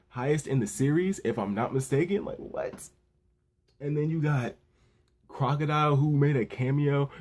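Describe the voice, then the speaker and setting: A man talks through a comic chapter recap in a loose, rambling way, full of restarts and quick asides. His tone is dark and mellow, with a husky edge to the voice. The energy stays excited as he hosts his own channel. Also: mid-range voice. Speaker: manga review channel host. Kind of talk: casual recap vlog.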